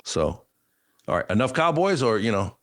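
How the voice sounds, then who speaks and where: A man's voice: mid-range voice, sing-song, normal speed. A man co-hosting a sports talk show, debating football casually and thinking aloud with frequent restarts.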